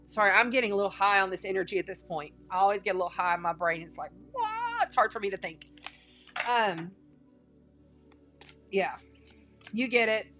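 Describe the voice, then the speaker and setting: A woman's voice: mid-range voice, fairly quick, long pauses, sharp tone, soft background music. A woman giving a casual spiritual tarot and astrology reading, chatty and folksy, repeating phrases for emphasis.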